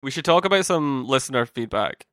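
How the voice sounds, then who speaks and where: A young man co-hosts a casual podcast chat in a mid-range voice with lively intonation, talking fairly quickly in a slightly bright tone. He rambles, cuts himself off mid-sentence, and swears casually now and then. The recording is clean studio sound with no room sound.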